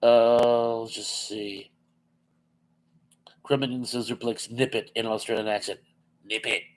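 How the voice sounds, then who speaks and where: A man's voice: mid-range voice, level tone, measured pace, a little mellow, low-quality recording. A man hosting a casual live-stream chat, reading viewer comments aloud with lots of ums and easy laughs. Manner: chatty, laughs easily, reads comments aloud with many fillers.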